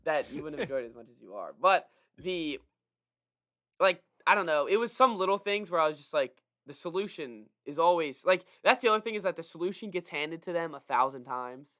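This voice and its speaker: A man co-hosting a podcast, chatting casually and nitpicking a movie with quick asides. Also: a little high, animated, bright, forceful tone. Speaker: podcast co-host. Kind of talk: casual movie review chat.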